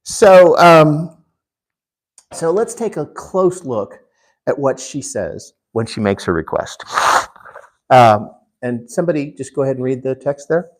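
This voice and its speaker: A man teaching a Bible class in an unhurried way, putting questions to the class. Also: mid-range voice, animated. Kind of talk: interactive Bible class lesson.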